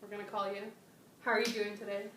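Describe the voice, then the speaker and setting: A woman hosting a casual chat with a guest, slangy and excitable, often trailing off and restarting. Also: mid-range voice, quick pace, recorded from a distance. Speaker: channel host. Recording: echoey room, off-mic, faint noise.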